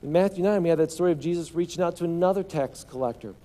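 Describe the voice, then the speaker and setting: A man preaches a sermon in a mellow, somewhat high voice. He asks the congregation questions and has them answer. He often stumbles and repeats words before pushing on. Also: fast talker. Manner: call-and-response with congregation. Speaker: pastor.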